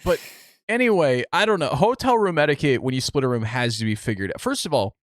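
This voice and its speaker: A man's voice: medium pitch, expressive, quick pace. A man co-hosting a podcast, telling a long story in casual chat, rambling with many restarts. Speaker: podcast co-host.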